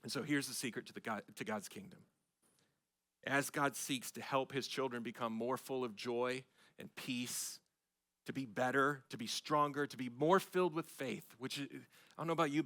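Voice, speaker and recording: A middle-aged man, a pastor, preaching a sermon with emphatic swells of loudness on key phrases. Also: medium pitch, moderate pace. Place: church sanctuary.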